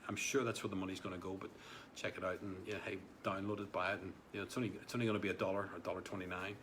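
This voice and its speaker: A man's voice: low voice, flat delivery, very fast, fairly bright tone, a little hiss or hum. A man hosting a casual live stream, reading out viewer comments in a rambling way, with many fillers and repeated words. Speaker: livestream host.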